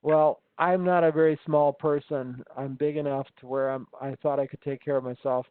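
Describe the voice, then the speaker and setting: A man with a slightly raised pitch talks casually over a tinny, phone-like call. He rambles through his stories, full of ums and false starts. The sound is dry and close, with no room around it. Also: fairly even intonation, normal speed, no echo. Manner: rambling storyteller, many ums and restarts. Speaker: instructor. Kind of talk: casual conversation.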